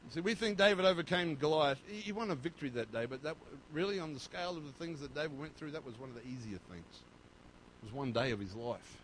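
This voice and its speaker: A man preaching a sermon as pastor, swinging between loud, fervent passages and quiet, low stretches. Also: quick pace, a little hiss or hum, poor audio.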